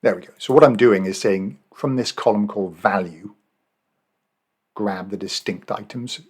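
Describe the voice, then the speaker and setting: This Excel and Power BI trainer, an Australian man, has a fairly low, darkish, slightly rough voice and a moderate pace. He guides viewers through a spreadsheet job in a relaxed screen-recorded tutorial, musing aloud with fillers and self-corrections.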